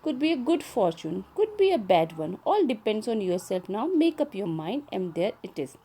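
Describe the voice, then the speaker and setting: A woman's voice: mid-range voice, sing-song, moderate pace, dark tone, husky. A woman teacher reading aloud the part of an older, heavy, sinister woman fortune teller who bossily pushes her neighbour. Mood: pushy. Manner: bossy, pushing and prodding.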